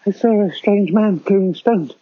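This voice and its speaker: A man putting on the voice of an excited small child calling to a parent, pitched well above his own. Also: normal speed, dry recording, lo-fi sound.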